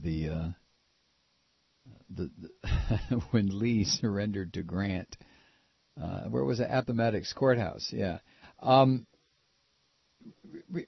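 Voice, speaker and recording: An older man from Ohio with a nasal voice, talking casually and halting with many repeated restarts. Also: lowish voice, husky, dry recording. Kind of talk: casual opinion talk. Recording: dull lo-fi recording.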